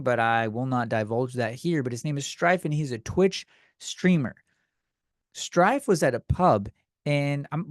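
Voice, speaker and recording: Lively, profane male podcast host. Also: a little high, no room sound, clean studio sound. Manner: blunt, profane, rambling with restarts. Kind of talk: comedic podcast monologue.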